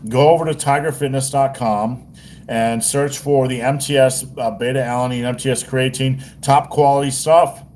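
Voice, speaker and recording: A man's voice: mid-range voice, fairly even intonation, normal speed, darkish tone, slight background noise. Rambling, profane male livestream host. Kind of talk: casual livestream chat.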